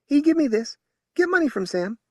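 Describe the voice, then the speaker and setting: A man voicing a blind bearded woman from the rural mountains with a thick, muddy Southern twang and a shrill, yelling manner. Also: big pitch swings, brisk, dry recording, clean studio sound.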